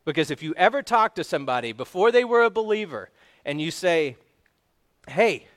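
A man preaching a sermon as pastor, in a conversational way with quick asides to the congregation. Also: a little high, big pitch swings, fairly bright tone.

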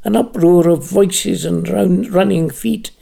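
A narrator giving a measured, expressive reading of a literary audiobook. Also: mid-range voice, vocal fry.

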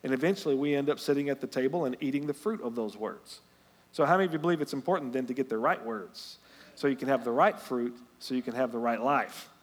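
A man preaching a sermon as pastor, animated and storytelling, climbing to loud emphatic peaks. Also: mid-range voice, fast. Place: church sanctuary. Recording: long hall reverb.

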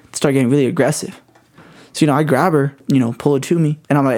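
A man telling a story among friends, animated and full of swearing. His voice sits a little high. He rattles along at a rapid clip. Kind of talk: casual storytelling chat.

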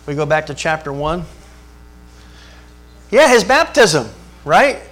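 Animated preacher man, higher voice. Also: slow. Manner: animated, rhetorical questions to the congregation. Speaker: pastor. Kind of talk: sermon.

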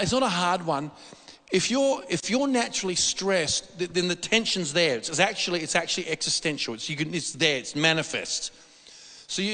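A man preaching a sermon in a church hall, animated and repetitive, often restarting his sentences. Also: high-pitched. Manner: animated, repetitive, excitable delivery with frequent restarts. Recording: long reverb of a hall.

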